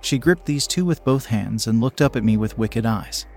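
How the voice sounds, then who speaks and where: A young man narrating a first-person story in a steady, plain reading. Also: medium pitch, moderate pace. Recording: faint background music.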